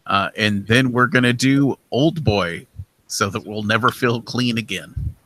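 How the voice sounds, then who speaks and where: A man's voice: fairly low pitch, measured pace, fairly bright tone, poor audio. A man co-hosting a podcast, talking bluntly and casually with plenty of swearing. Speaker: podcast co-host. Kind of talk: casual chat.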